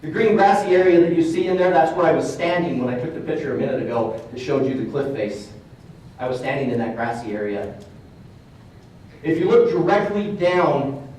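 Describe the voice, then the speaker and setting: Man, motivational speaker, earnest storyteller, somewhat high voice, booming hall echo, a bit off mic. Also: darkish tone, recorded from a distance, slight background noise. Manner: earnest, conversational storytelling with emphatic repeats. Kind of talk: storytelling keynote talk. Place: conference hall. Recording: roomy hall sound from off mic.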